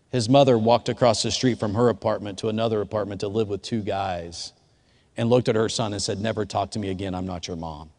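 A pastor delivering a sermon as a story, his voice sinking to near hush and then climbing to shouts. Long reverb from a church hall trails after his words. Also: fairly low pitch. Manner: swings from hushed storytelling to shouted quotes. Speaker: youth pastor.

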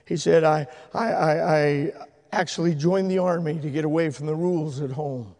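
A male pastor telling stories in a sermon, swinging from loud, excited shouting to hushed, tender speech. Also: fairly high pitch, moderate pace, long reverb tail. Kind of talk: sermon storytelling. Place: church sanctuary.

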